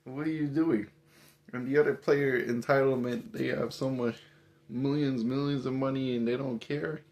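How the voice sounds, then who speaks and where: A man rants in a casual, exasperated way about what bothers him. He keeps firing emphatic rhetorical questions. His voice sits at an ordinary middle pitch. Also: steady tone, moderate pace, a little mellow. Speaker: commentator. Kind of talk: casual opinion rant.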